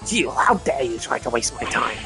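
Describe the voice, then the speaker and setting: A pompous, wealthy art dealer who looks down on everyone, speaking in a made-up foreign accent, as a male streamer puts him on. He sounds curt and superior, mid-pitched. Game music plays behind him. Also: sing-song, moderate pace. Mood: haughty. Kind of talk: voice acting a game playthrough.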